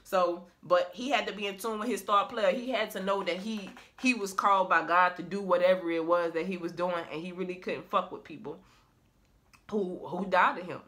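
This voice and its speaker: A woman vlogging casually as a tarot reader, rambling and profane in an animated way. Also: on the low side, moderate pace. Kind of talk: casual motivational vlog talk.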